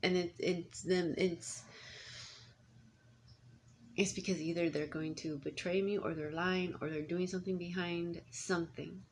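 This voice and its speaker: A woman in her thirties rambles through a casual monologue, often restarting and going off on asides. Her voice sits a little low and has a gravelly fry to it. A faint hiss of background noise runs under the recording. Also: fairly even intonation, a little slow. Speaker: parent.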